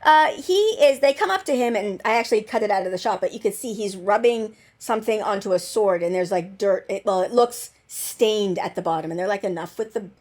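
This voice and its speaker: A woman hosting her own channel, chatting about a TV episode in a rambling, excitable way, full of "like" and gushing bursts. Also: mid-range voice. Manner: excitable and gushing, with quick bursts of squealing delight. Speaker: channel host reviewing a TV episode. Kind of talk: casual chat over episode footage.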